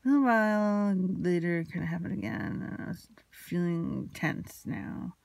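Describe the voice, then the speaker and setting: Creaky-voiced anxious woman confiding. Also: lowish voice, expressive, moderate pace, darkish tone, dry recording. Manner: anxious, rambling, retelling a quarrel with quoted dialogue. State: emotionally shaken. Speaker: vlogger. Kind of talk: confessional personal storytelling.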